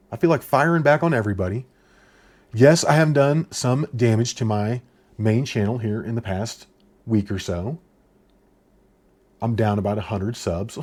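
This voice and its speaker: Man, YouTuber, reaction commentary, exasperated, sarcastic, ranting, mid-pitched. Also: darkish tone.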